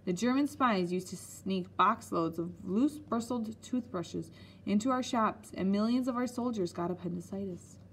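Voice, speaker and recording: A woman voicing an old-fashioned nanny who answers every question in a calm, matter-of-fact way. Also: medium pitch, normal speed, a little hiss or hum, lightly acted. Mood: assured.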